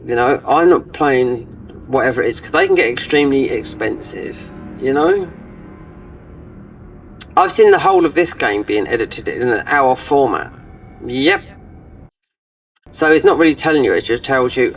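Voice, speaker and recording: A man's voice: mid-range voice, lively intonation, normal speed, pauses often, recorded from a distance, slight background noise, rough recording. A man giving rambling, casual commentary over a game he is playing, trailing off with frequent fillers. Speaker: gaming channel host.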